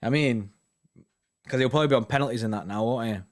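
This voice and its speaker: A man's voice: medium pitch, fast. Young man, casual stream host, rambling, chatty. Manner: chatty, rambling, fills with "do you know what I mean". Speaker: host reading viewer comments. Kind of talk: casual live-stream chat.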